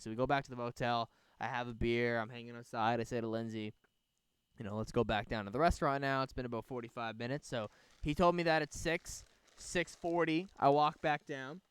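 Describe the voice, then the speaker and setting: Outdoors beside a bonfire, a young man hosting a podcast gives a rambling, profane, animated retelling of a story in casual conversation. His mid-range voice is smooth, captured on a podcast microphone with no room sound.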